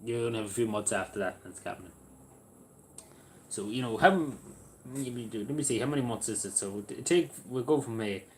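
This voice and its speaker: A man's voice: mid-range voice, brisk, slight background noise. A man chatting casually to his livestream viewers, rambling and hesitant with many fillers and restarts. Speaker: livestream host. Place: at home in a squeaky chair.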